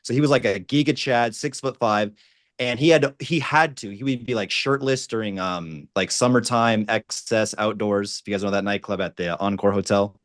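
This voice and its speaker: A man on a video call with a dating coach panel, telling an animated story in casual chat. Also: lowish voice, moderate pace, no room sound, clean studio sound. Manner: animated storyteller, mimics voices.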